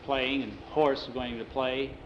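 A man's voice: mid-range voice, level tone, normal speed, fairly bright tone, reverberant, a little hiss or hum, lightly acted. A man voicing a dismissive older schoolboy who is the team captain, speaking bluntly and curtly. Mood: bossy. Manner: blunt, curt. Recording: dull lo-fi recording.

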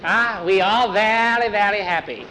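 A man voicing an excitable male ranch cook who speaks in clipped, broken phrases in an oral western story. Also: extremely high pitch, slight background noise, voice pushed up, heavily acted, rough recording. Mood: eager. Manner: broken clipped speech, quick short steps.

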